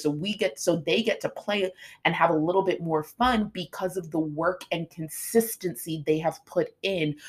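A middle-aged woman fitness coach hosting a podcast, talking casually and motivationally, acting out what her students say. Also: sits low. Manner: chatty, animated, acts out her students' lines.

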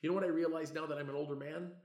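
Animated preacher in an echoing church. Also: male voice, on the high side, racing, highs cut off. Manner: animated, swings from loud to hushed, conversational. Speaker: pastor. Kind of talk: sermon. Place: church hall. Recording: roomy church echo.

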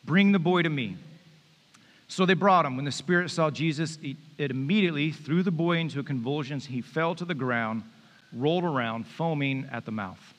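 A man's voice: on the high side, a little fast, fairly bright tone. A man preaching a sermon, reading scripture and then talking it through in a conversational, joking way. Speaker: pastor. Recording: reverberant hall.

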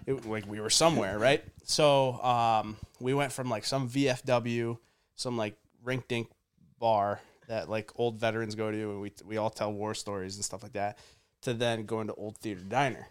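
A man's voice: fairly low pitch, steady tone, moderate pace, smooth. A young man hosting a podcast, telling a casual story with lots of fillers, rambling and laughing through punchlines. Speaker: podcast host.

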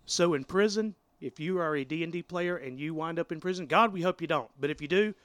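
A man with a somewhat high voice co-hosts a podcast and keeps turning to the audience with playful asides. The sound is dry and close to the mic. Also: a little fast, a bit bright, no room sound. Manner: playful, talks to listeners directly. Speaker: podcast co-host. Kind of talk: casual podcast chat.

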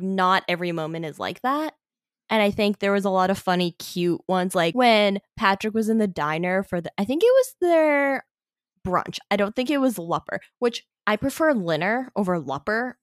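A woman's voice: mid-range voice, no room sound, studio quality. A young woman, a student, chatting casually about a book on a review podcast, talkative with hesitant asides.

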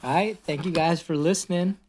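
A young woman reading a picture book aloud at home, animated and sing-song. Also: on the low side, fairly quick, a little hiss or hum.

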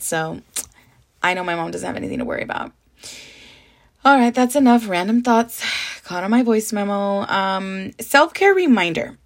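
With a mid-range voice, a young adult woman hosts a solo podcast in a relaxed, talkative style. She comes from the Southern California desert and blends Spanish and profanity into her candid chatter.

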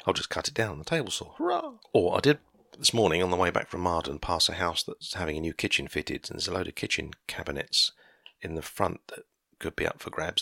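Alone in his garden shed workshop, a fifty-something podcaster chats in a casual monologue, wandering from tangent to tangent and laughing at himself. He speaks in a very low, husky voice with a bright, forceful edge, recorded dry and close without echo.

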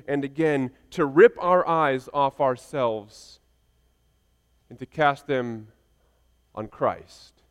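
A man preaching a sermon with an emphatic, repetitive cadence, moving between quiet reflection and forceful declaration. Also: mid-range voice, takes it slowly, pauses often, clear, resonant tone. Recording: long hall reverb.

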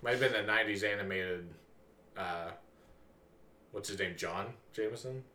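A man's voice: on the low side, normal speed, bright, forceful tone. A man co-hosting a casual chat podcast, thinking aloud in a hesitant way. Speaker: podcast co-host. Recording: echoey room.

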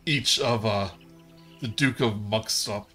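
A man's voice: on the low side, takes it slowly, pushed and bright, faint music behind. A man narrating a tabletop game as game master, in a loose, rambling way full of fillers.

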